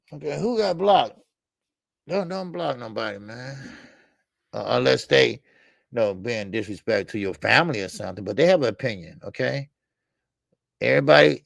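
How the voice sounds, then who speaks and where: A man hosting a casual boxing talk stream, animated and profane, rambling through stories, laughing and answering the chat. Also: medium pitch, creaky, no echo. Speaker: boxing talk show host. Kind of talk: casual live-stream commentary.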